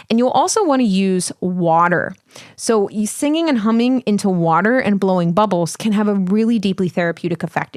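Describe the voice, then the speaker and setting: A woman's voice: medium pitch, no room sound, clean studio sound. A woman vocal coach explaining singing exercises in a casual, blunt, profane way, chatty and emphatic. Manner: emphatic, chatty with many fillers.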